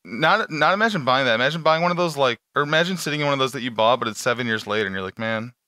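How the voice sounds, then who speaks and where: Man, podcast host, crude storyteller who slips into shouted caller voices; bright, slightly high voice, dry mic. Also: lively intonation, very fast, no echo. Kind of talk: casual chat.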